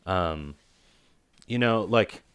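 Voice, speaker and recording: A man with a fairly low voice co-hosts a casual film review podcast. He rambles and circles his points with plenty of fillers. He gets animated as an argument lands. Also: extremely slow, smooth.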